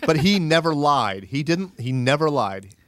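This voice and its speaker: A man's voice: a little high, sing-song, unhurried, a bit bright, dry recording. A man co-hosting a podcast, telling stories in casual banter. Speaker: podcast co-host.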